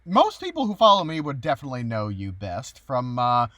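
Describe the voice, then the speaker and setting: A man's voice: medium pitch, wildly swooping pitch, brisk, pushed and bright, no room sound. A man hosting a casual video-call interview, joking and laughing often with his guests. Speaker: podcast host.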